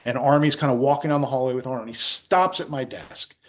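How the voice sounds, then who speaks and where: Talking fast at a medium pitch, a middle-aged guest from New Jersey, USA, shares animated anecdotes in a relaxed interview. He acts out quotes and restarts often.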